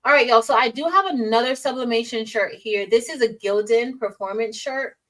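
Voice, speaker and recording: A woman's voice: fairly high pitch, brisk, a bit bright. Chatty woman teacher, slightly distant mic. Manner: chatty, addresses viewers as y'all, reads chat aloud. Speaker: teacher and livestream host. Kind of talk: casual livestream chat.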